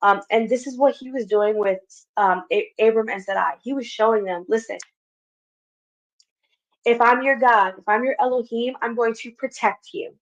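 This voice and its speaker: A woman's voice: fairly high pitch, normal speed. A woman hosting a Bible study, teaching earnestly and repeating her phrases. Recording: dull lo-fi recording.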